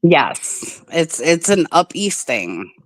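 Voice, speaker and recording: A woman with a very low voice chatting casually and bluntly. Her pitch swings around a lot as she talks. The recording is close and dry. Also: sing-song, takes it slowly, no echo. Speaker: host. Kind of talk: casual chat.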